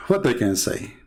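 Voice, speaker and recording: A man's voice: a little high, a little mellow. A man hosting polemical commentary, talking in a mocking, sarcastic way and laughing at his own jokes. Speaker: host.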